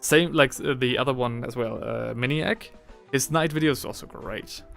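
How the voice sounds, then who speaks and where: A man's voice: mid-range voice, normal speed, creaky, soft background music. Rambling young man streaming casually. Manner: rambling, filler-heavy, excitable, slangy. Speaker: livestreaming miniature hobbyist. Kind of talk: casual live-stream chat.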